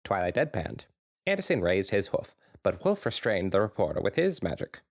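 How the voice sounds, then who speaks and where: Man reading fanfiction, deep and lively. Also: moderate pace, no echo, clean studio sound. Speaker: podcast co-host, reader.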